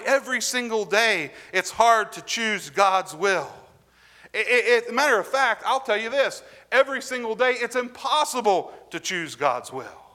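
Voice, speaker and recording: A middle-aged male pastor preaching a sermon, earnest and emphatic, slowing down to read scripture and verse. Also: high-pitched, pushed and bright.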